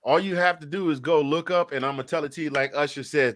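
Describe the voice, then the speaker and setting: Animated man telling stories as a podcast guest. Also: a little high, quick pace. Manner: animated storyteller, mimics voices in anecdotes. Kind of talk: casual sports chat.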